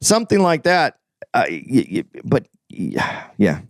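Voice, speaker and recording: A man co-hosting a podcast in casual chat, animated and playful as he pitches ideas. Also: measured pace, dry recording, clean studio sound. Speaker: podcast co-host.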